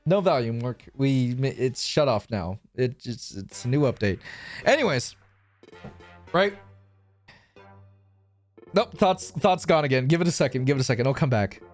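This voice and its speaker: A man's voice: medium pitch, animated, moderate pace, pauses often, soft background music. A young man streaming live, rambling through a profane, self-mocking story and losing his train of thought.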